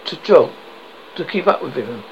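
A man reading a drama script aloud, stage directions and all, in a halting way that stumbles over words, on a dull lo-fi recording. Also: fairly high pitch, big pitch swings. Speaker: narrator reading a radio script. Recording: dull lo-fi, faint background noise.

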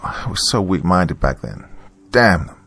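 Bitter raspy mom who hides things, scornful, pushy, low gravelly voice from a man reading her lines. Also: lively intonation, normal speed, a bit bright, exaggerated voice. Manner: scornful and urgent. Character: bitter secretive estranged mother, woman.

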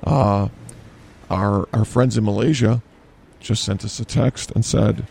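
A man co-hosting an improvised comedy podcast in a grocery store, rambling deadpan and trailing off mid-sentence. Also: on the low side, unhurried, gravelly, a little hiss or hum. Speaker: podcast co-host.

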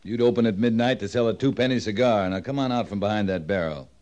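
A plain-spoken cavalry captain, played by a man in a vintage western drama. His low voice stays blunt and steady as his patience thins. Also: fast, natural voice. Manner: blunt, mildly exasperated. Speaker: army captain.

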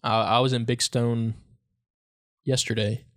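A man's voice: medium pitch, level tone, unhurried, a bit bright. A man co-hosting a podcast in casual chat, easygoing and joking, often trailing off mid-sentence. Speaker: podcast co-host.

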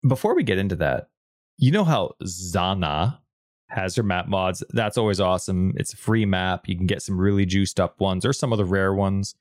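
A man's voice: low-pitched, animated, no room sound, studio quality. Playful, rambling man on a podcast. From Canada. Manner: playful, rambling, quick to laugh. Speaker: podcast co-host. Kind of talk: casual gaming podcast chat.

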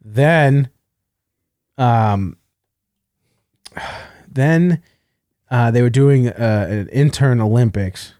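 A man's voice: mid-range voice, very slow, pauses often, darkish tone, no room sound, studio quality. A man hosting a podcast, telling stories in casual banter and laughing often. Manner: storytelling, laughs often, crude. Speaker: podcast host.

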